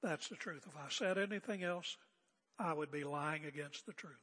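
An older man preaching a sermon as pastor, seated and speaking in a calm, conversational way with rhetorical questions. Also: a little high, moderate pace, big-room sound. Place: church sanctuary. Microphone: seated at pulpit area mic.

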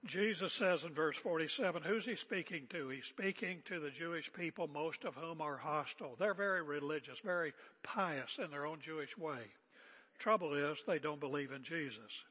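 A man's voice: on the high side, normal speed, sharp tone, slightly rough, big-room sound. An older man preaching an expository sermon as pastor, conversational and emphatic with joking asides.

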